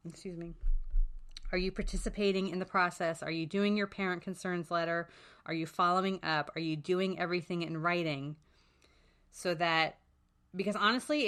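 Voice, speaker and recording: A chatty, candid woman in middle age talks through advice in a relaxed, unscripted way, her voice sitting fairly low. She speaks plainly, with plenty of "um"s and blunt asides. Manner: frank and chatty, with swearing and many "um"s. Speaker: special education advocate, podcast host. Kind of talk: casual advice talk.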